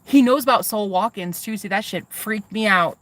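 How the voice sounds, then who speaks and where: A woman telling a story to her viewers in a casual vlog, excitable and swearing freely as she talks straight to them. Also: medium pitch, moderate pace. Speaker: vlogger.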